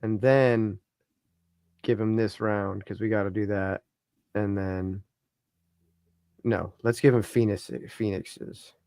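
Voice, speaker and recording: A man's voice: fairly low pitch, steady tone, slow, long pauses, darkish tone, dry recording, clean studio sound. A man co-hosting a casual sports talk stream, thinking aloud and trailing off as he works through trades. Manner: thinking aloud while running a trade simulator, trailing off and mumbling. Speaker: podcast co-host. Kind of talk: casual chat.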